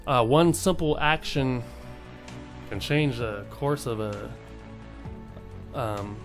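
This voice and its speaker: A young vlogger delivers a casual, motivational monologue to his viewers in a mid-range voice at a slow pace, with soft music playing behind him. He's earnest but rambling, full of fillers and restarts.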